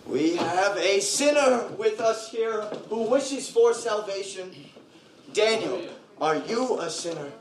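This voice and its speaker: Zealous young preacher, high lively voice, slow and commanding. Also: male voice, a little hiss or hum. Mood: stern. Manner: zealous, commanding, rising to shouts. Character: young male preacher, fervent and domineering. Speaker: preacher in a film scene. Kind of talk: film drama.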